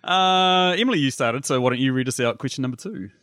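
A man hosting a casual film podcast, animated and acting out characters' reactions as he talks. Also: mid-range voice, fast talker, dry recording, studio quality. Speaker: podcast host.

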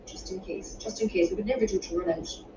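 A woman reading her own romance novel aloud in a measured, unhurried way, with the odd small restart. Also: medium pitch, fairly even intonation. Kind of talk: audiobook narration. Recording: roomy, distant, muffled home recording with background noise.

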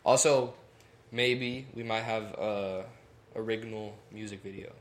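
A man's voice: lowish voice, steady tone, a little slow. A young man, a musician guest, chatting casually and rambling on a podcast, laughing often. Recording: echoey room, faint noise.

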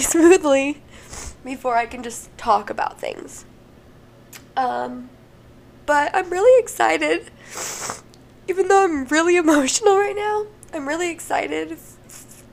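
Tearful young woman, gravelly high voice. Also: a little hiss or hum. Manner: tearful, laughing through tears, swears freely. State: emotional, crying. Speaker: podcast host. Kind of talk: casual solo podcast chat.

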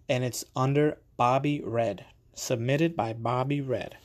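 Podcast host, man, middle-pitched voice, animated and profane, casual storytelling. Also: unhurried. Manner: animated, profane, repeats himself for emphasis.

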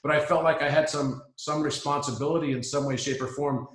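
A man's voice: fairly high pitch, steady tone, a little fast, a bit bright. A man as an interview guest, earnestly musing on spiritual ideas and restating his points. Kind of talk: reflective spiritual conversation. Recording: roomy echo.

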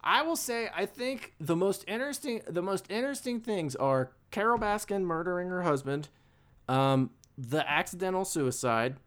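A man's voice: sits high, expressive, normal speed, a bit bright. Casual young man, chatty storyteller. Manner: chatty, storytelling, lots of "like" fillers. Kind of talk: casual chat.

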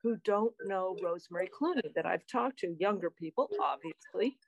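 A woman's voice: medium pitch, lively intonation, normal speed, gravelly, no echo, rough recording. A woman from the theater speaks earnestly in a mid-range voice, reflecting on the show with sincere conviction. The recording is dry, with almost no room sound. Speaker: theater artist. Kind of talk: casual interview chat.

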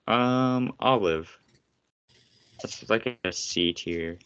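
Male podcast co-host, very low voice, blunt and teasing, slightly dull recording. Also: drawn-out words, a bit bright, smooth. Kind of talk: casual chat. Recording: slightly muffled podcast audio.

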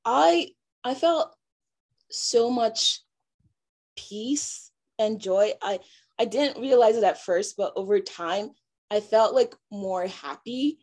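A young woman from Nigeria, giving a halting personal testimony full of fillers and restarts. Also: a little high, a little mellow. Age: young adult. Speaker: interviewee.

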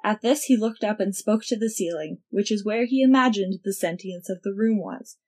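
A woman narrating fiction aloud in a wry, expressive storytelling manner. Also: mid-range voice, normal speed. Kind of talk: audiobook fiction reading.

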